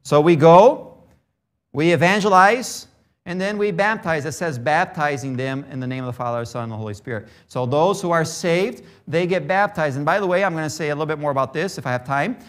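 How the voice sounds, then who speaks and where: Guy from brazil preaching a sermon, kinda high voice, tells a story then gets fired up. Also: a little fast. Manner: storytelling that builds to emphatic preaching.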